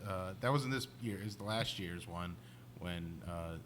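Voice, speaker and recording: Podcast co-host, male, bright tone, rambling and halting, faint noise behind. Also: deep voice. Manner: rambling, halting storyteller with many restarts. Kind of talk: casual chat.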